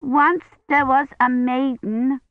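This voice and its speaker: A woman's voice: sits high, fairly even intonation, slow, dry recording, phone-quality sound, pitched above the performer's own voice. A woman voicing Agnes, an insistent small girl, in an audiobook. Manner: insistent, demanding. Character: small eager girl child.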